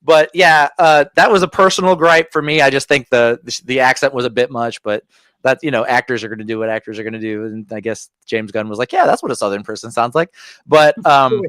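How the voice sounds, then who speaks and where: A man's voice: medium pitch, fairly even intonation, a little fast, fairly bright tone, clean tone, dry recording. A man co-hosting a casual podcast, giving an opinionated movie review full of fillers and gripes. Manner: opinionated, ranting with frequent fillers. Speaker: podcast co-host.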